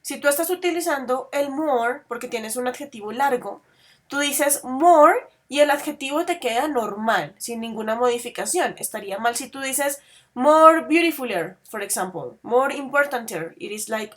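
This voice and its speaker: Woman teacher, high voice, asks the class questions and spells things out slow. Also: lively intonation, fairly bright tone. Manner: patient, asks students questions, spells endings slowly. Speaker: English teacher. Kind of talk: classroom grammar lesson.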